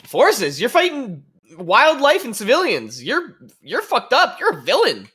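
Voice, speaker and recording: Animated, bright-voiced man joking through a wargame. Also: very high-pitched, a little slow, breathy edge. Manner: animated, laughs a lot, swears for comic effect. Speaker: guest wargame player. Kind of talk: casual chat while playing a tabletop wargame.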